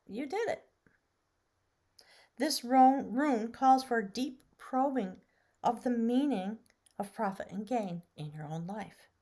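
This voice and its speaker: A woman doing a casual tarot and rune reading, chatty, sometimes dropping to a soft whisper. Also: on the high side. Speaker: tarot reader.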